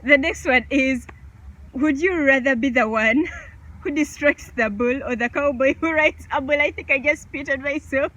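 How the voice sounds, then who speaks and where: A woman's voice: high voice, animated, measured pace, long pauses, fairly bright tone, muffled recording. A woman vlogger chatting casually through a question game, laughing often.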